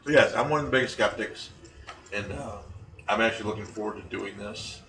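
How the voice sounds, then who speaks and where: A man casually recounting paranormal investigations, animated and quick to laugh, acting out the voices he quotes. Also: lowish voice, vocal fry. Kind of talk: casual storytelling chat. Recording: echoey room, distant mic, faint noise.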